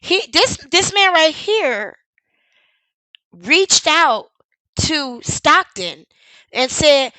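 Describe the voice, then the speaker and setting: A woman's voice: high voice, big pitch swings, extremely slow, pauses often, pushed and bright, no room sound, low-quality recording. A woman streamer giving sarcastic live commentary on a news clip, firing off blunt rhetorical questions and the odd swear word.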